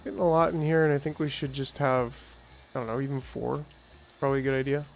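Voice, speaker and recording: A man's voice: medium pitch, little pitch movement, quick pace, vocal fry, a little hiss or hum. A man hosting a let's play, thinking aloud in a chatty way with small exclamations and restarts. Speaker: gaming channel host.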